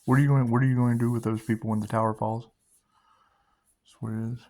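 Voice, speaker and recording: A man hosting a loose, repetitive spiritual monologue, laughing often and swearing, sometimes dropping to a hushed guiding tone. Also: mid-range voice, level tone, fast. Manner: drops to a hushed guiding tone for meditation cues. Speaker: spiritual video host.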